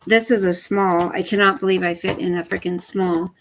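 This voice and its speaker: An older woman chatting casually with her live stream viewers, rambling between stories and stopping to coo softly at her dog. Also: fairly low pitch, little pitch movement, normal speed, slight background noise, rough recording. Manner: chatty, rambling, talks to her dog in soft baby talk.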